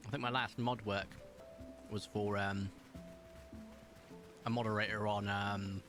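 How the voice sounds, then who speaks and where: A man's voice: on the low side, flat delivery, measured pace, music in the background. A young British man streaming live and chatting casually, rambling with lots of fillers and restarts.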